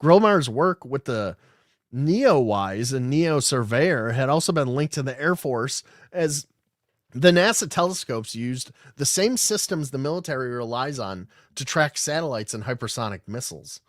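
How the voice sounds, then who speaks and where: A man's voice: medium pitch, expressive, normal speed, no room sound, clean studio sound. Irreverent, swearing male podcast host. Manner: irreverent, swears often, reads articles aloud and riffs on them. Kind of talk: casual livestream commentary.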